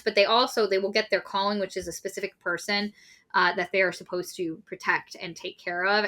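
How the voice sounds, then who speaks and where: Bright-voiced woman recapping a book. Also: mid-range voice. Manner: profane, animated plot recap with voiced quotes. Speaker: podcast co-host. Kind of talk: casual book review chat.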